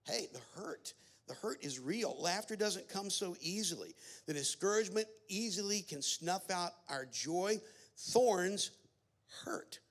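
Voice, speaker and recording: A man's voice: sits high, animated, a little slow, fairly bright tone. A man giving a sermon at a family camp, telling a story with many fillers and restarts. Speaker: camp speaker.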